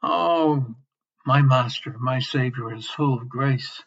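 A man preaching a sermon with passion. He swings between loud emphasis and soft near-whispers and repeats key phrases. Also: mid-range voice, slow pace, creaky. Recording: slightly dull lo-fi sermon recording.

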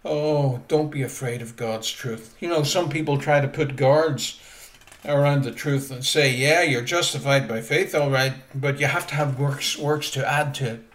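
A man preaching a sermon emphatically, repeating key phrases and swinging between loud rises and quiet drops. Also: medium pitch, normal speed.

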